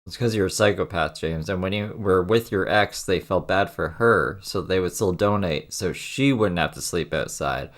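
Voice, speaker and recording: A man's voice: sits low, moderate pace, few pauses. A man hosting a commentary show, cutting in with blunt, crude, sarcastic remarks over clips. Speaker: commentary host.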